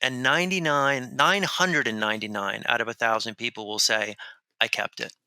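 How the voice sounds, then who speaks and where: A man speaking as a guest author in a podcast interview, telling a story in an animated, rambling way with many restarts. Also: mid-range voice, moderate pace, smooth, no echo, poor audio. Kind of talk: conversational storytelling.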